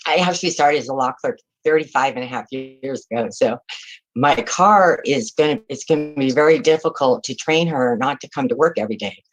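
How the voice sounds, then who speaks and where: A woman's voice: extremely low pitch, a little fast, low-quality recording. Tearful older woman giving farewell thanks. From California. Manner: emotional, heartfelt, close to tears. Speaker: retiring public defender. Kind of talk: farewell remarks at a public meeting. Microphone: video call.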